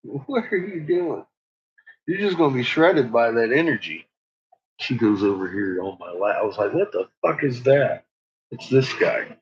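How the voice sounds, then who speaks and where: On a muffled recording, a dog owner vlogger with a mid-range, lively voice talks at normal speed. He rambles casually about his dogs, chuckling often and cooing at them.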